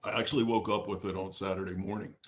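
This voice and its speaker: A man co-hosting a live talk show who tells animated, joking stories and argues his points emphatically. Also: sits low, fast talker. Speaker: co-host. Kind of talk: casual chat.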